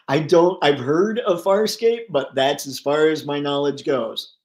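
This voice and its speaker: A man hosting a casual livestream, reading viewer comments aloud and riffing on them, thinking out loud as he browses online listings. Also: mid-range voice, moderate pace, hardly any pauses. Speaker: livestream host. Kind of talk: casual live chat.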